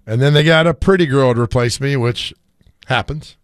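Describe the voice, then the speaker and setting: A middle-aged man hosting a casual sports radio chat, slightly hoarse from screaming, telling stories with frequent laughter. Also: mid-range voice, moderate pace, no room sound. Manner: animated storyteller, laughs often.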